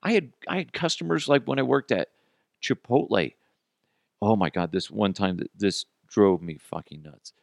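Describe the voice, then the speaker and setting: A man hosting a podcast, telling customer service stories in a casual, animated way, swearing and laughing as he goes. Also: lowish voice, moderate pace, vocal fry, no echo, studio quality. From Colorado, United States. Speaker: podcast host. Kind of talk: casual storytelling.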